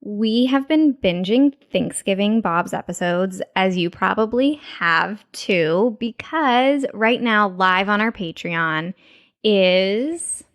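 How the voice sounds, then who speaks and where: A woman co-hosting a podcast in casual chat, bubbly and enthusiastic, quick to laugh. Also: mid-range voice, lively intonation. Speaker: podcast co-host.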